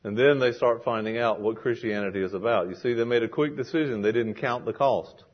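A man's voice: mid-range voice, fairly quick. Preaching man, dull lo-fi recording. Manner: animated preaching, acting out quoted voices. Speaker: pastor. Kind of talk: sermon. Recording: dull lo-fi sound.

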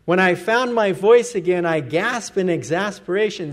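A man's voice: high-pitched, lively intonation, normal speed, hardly any pauses. A man preaching a sermon as pastor, earnest and emphatic, letting his voice fall at the end of each phrase.

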